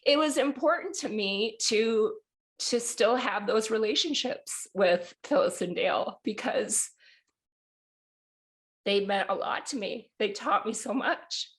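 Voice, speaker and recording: A woman's voice: a little high, expressive, measured pace. A woman in her forties from Wisconsin, telling a personal story on a podcast in a candid way, laughing often and getting teary. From Wisconsin, USA. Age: 40s. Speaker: podcast co-host, guest here.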